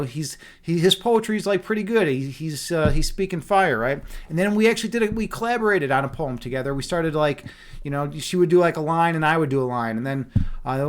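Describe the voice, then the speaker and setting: A man with a high-set voice chats with his stream audience in a relaxed, joking way. He wanders through his thoughts and often restarts his sentences. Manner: playful, loose, many fillers and restarts. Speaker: livestream host reading chat. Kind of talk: casual rambling chat.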